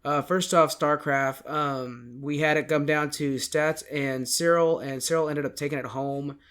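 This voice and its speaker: A man's voice: fairly high pitch, fairly even intonation, a little slow, fairly bright tone, smooth. A man hosting a casual podcast, rambling through an esports recap and often correcting himself. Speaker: podcast host.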